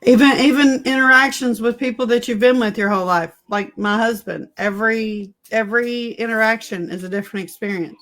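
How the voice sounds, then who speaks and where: A woman's voice: fairly high pitch, fairly quick, hardly any pauses, a bit bright. Middle-aged woman, guest in a casual talk, open and candid, telling family stories plainly. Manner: candid, personal storytelling. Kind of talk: casual chat.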